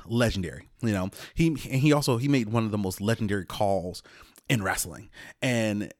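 A man's voice: medium pitch, no room sound, studio quality. A man in his thirties telling a long story in a casual, rambling way, chuckling often as he goes. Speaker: podcast host.

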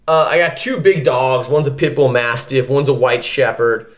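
A man's voice: medium pitch, moderate pace, slight background noise. A young man telling a profane story in a casual podcast chat, acting out the voices of people in it. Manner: animated, profane, acts out voices in his story.

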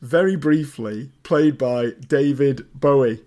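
British male podcast co-host, mid pitch, chatty and rambling, bursts high and loud when excited. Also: slow pace. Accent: British English. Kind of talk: casual film chat.

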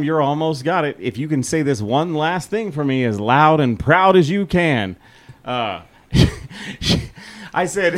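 A man co-hosting a casual chat show, spinning an old anecdote with acted-out voices and plenty of swearing. His voice sits a bit high and swings widely in pitch. The tone is bright and forward. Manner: animated, acts out quotes, swears, laughs often. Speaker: podcast co-host.

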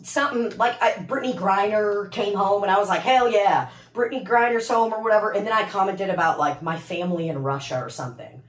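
A woman's voice: mid-range voice, a little fast, few pauses, roomy sound, poor audio. A woman co-hosting a podcast, telling laid-back stories in casual chat and swearing freely. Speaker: podcast co-host.

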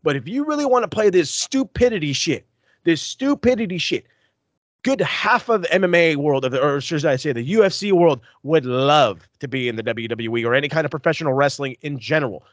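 A man's voice: a little high, animated, brisk, no echo. A young man co-hosting a podcast, ranting bluntly and profanely in casual chat. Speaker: podcast co-host.

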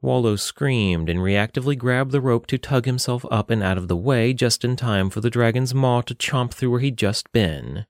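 A man reading a fantasy story aloud in a steady, measured way. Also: medium pitch, no echo, studio quality. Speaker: narrator. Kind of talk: fantasy audiobook narration.

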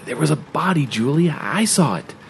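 An actor playing a nervous young adult son who talks in a halting, stammering, uneasy way. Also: male voice, fairly high pitch, expressive, gravelly, a little hiss or hum.

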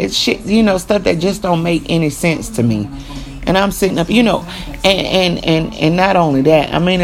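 Podcast host, Texan woman, gravelly voice, emphatic casual monologue. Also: low voice, darkish tone. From Texas. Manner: emphatic, repeats "you know what I'm saying".

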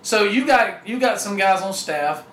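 A former football lineman speaks earnestly as a guest in a relaxed sports talk, often restarting his sentences. His voice is high and bright for a man, with a roomy echo and a faint hiss behind it. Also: unhurried. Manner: earnest, repeats his opening words. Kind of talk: casual sports interview. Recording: echoey room with faint background noise.

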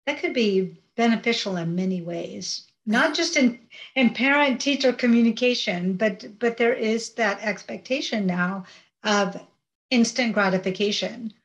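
A woman hosting an interview who introduces each topic in a measured way and sums up the guest's points. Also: on the high side, dull audio. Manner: measured, leads topics with short summaries. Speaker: podcast host.

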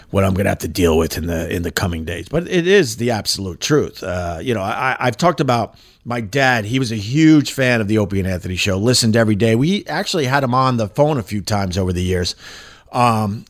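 A man's voice: mid-range voice, a bit bright. A middle-aged man hosting his own show, talking in a casual, rambling and profane monologue with emphatic swings. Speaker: podcast host, former shock jock radio host. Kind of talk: casual monologue reading social media posts.

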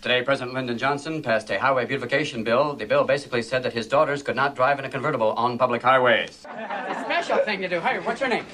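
An actor playing a manic, wisecracking male military radio DJ in a film, riffing with rapid ad-libs and sudden silly voices. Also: mid-range voice, pushed and bright, a faint crowd, slight background noise, close to an everyday voice. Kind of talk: film radio broadcast scene.

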